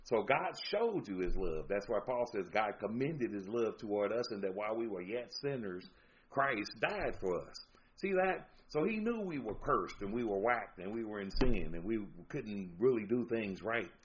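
A man preaches an emphatic sermon in a lowish voice, reading out scripture as he goes. The recording is dull and lo-fi. A faint hiss sits under it. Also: lively intonation, normal speed.

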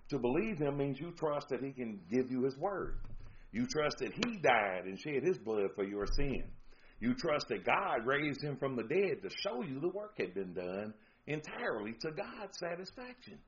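A man's voice: big pitch swings, moderate pace. A man preaching a sermon, reading out scripture verses and pressing his points with emphasis. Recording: dull low-fi recording with faint noise.

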